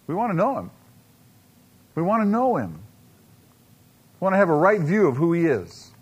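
A man preaching a sermon to a congregation, pressing his points with rhetorical questions, dramatic slow-downs and quiet asides. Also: sits high, sing-song, slightly rough. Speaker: pastor.

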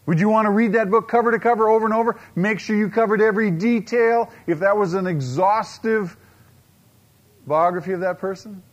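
A man preaching a sermon to a congregation, pressing his points with rhetorical questions, dramatic slow-downs and quiet asides. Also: high voice, highs cut off. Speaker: pastor.

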